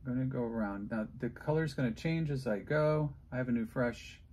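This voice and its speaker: A man's voice: mid-range voice, a little fast, darkish tone. A man hosting an unscripted craft demonstration, chatting and joking and talking to himself as he works. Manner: chatty, jokey, talks to himself while working. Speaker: host and art teacher.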